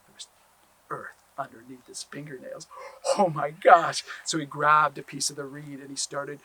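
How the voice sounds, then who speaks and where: A man telling a traditional story aloud, animated, with drawn-out repeated phrases. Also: fairly high pitch, slightly rough, low-quality recording. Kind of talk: oral storytelling.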